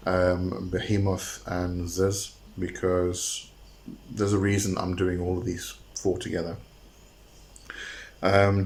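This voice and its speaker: A man's voice: low voice, darkish tone. A man hosting his own channel, explaining a topic in a casual, hesitant way with many fillers and restarts. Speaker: host.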